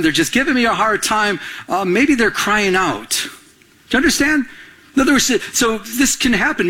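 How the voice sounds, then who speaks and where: Male pastor, animated sermon delivery, high and bright with a husky edge. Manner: animated, asks the audience questions, acts out quotes.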